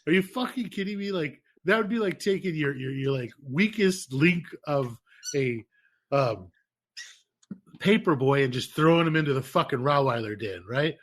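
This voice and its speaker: A man co-hosting a podcast, telling rambling stories in a casual, profane, animated way. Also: medium pitch, moderate pace. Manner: animated, profane, laughing storyteller. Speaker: podcast co-host. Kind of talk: casual chat, storytelling.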